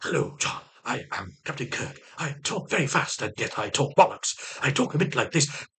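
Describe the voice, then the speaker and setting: A man putting on a jabbering, spaced-out starship captain who talks fast nonsense. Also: mid-range voice, very animated, fairly bright tone, breathy edge, full character voice. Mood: manic.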